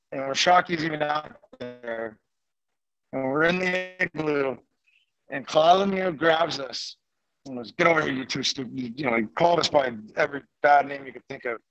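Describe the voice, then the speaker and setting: A man, a former hockey player and guest, telling an animated anecdote in a lively, rambling way. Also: fairly high pitch, moderate pace, rough recording. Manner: lively, rambling, laughs mid-story.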